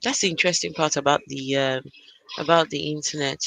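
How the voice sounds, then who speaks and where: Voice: medium pitch, steady tone, fairly quick, creaky, a bit bright, no echo, poor audio. An adult parent hosting a casual live stream from a gaming arena computer, chatting and greeting viewers by name. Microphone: arcade computer, no camera.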